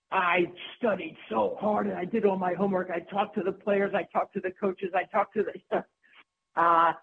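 A woman tennis broadcaster telling lively stories as an interview guest, laughing often and restarting her sentences. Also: on the low side. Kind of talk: anecdotal interview storytelling. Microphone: phone. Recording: tinny phone line with faint hum.

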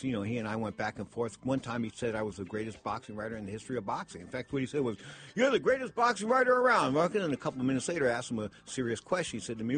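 An older man hosting a boxing talk radio show, telling rambling stories in an excitable way and repeating stock phrases. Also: mid-range voice. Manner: fast, excitable, repeats "of course" and "straight up".

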